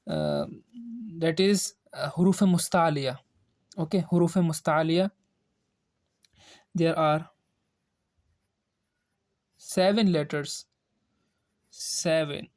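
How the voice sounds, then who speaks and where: Slow, halting woman teaching Arabic letters. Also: lowish voice, a little mellow. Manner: slow, halting, with frequent "uh" and repeated terms. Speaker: Quran reading teacher. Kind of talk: recorded lesson explaining Arabic letters.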